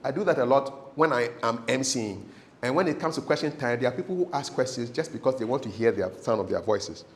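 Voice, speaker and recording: Animated man with a lively voice. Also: medium pitch, quick pace, a little hiss or hum. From Ghana. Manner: animated, storytelling, laughs often, repeats phrases for emphasis. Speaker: TV presenter and interview coach. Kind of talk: casual advice talk.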